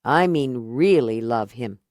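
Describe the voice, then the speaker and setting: A frightened, worn-out young woman, as a narrator voices her in an audiobook, tense and shaky in her speech. Her voice is dark and mellow, recorded close and dry. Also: animated, slow pace, no echo, full character voice. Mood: tremulous. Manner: tense and tremulous, lifting higher. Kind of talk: audiobook character voice.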